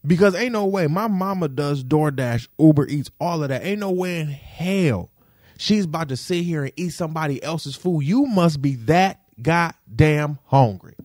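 A young man venting to the camera in a vlog, indignant and profane, repeating himself and swinging between low grumbles and sharp high outbursts. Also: moderate pace, dry recording, clean studio sound. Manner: indignant, profane, repetitive rant with big pitch swings.

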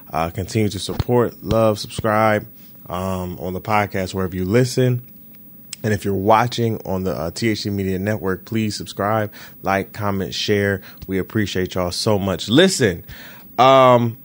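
A man hosting his own podcast from home, talking in a casual, slangy, animated way as he tells stories to his listeners. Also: sits low. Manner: animated, slangy, chatty storytelling. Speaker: podcast host. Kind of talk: casual solo podcast chat. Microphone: computer mic with echo cancellation.

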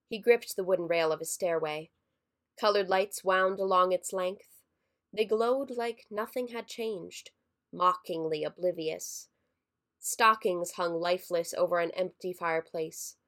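A woman narrating a scripted horror story in a measured, somber way. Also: fairly low pitch. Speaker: story reader.

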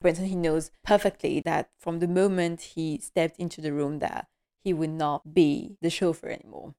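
A woman's voice: sits low, steady tone, normal speed, warm tone, clean tone. A woman hosting a podcast, chatting enthusiastically and laughing often as she recaps a TV episode. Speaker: podcast host.

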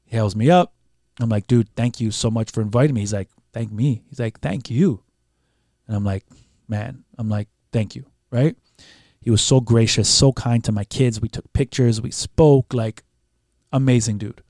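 A man's voice: mid-range voice, moderate pace, dry recording, studio quality. A man from Canada, a podcast guest, telling a story casually, swearing often and acting out what other people said. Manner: animated, swears freely, acts out what others said. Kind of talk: casual storytelling with quoted dialogue.

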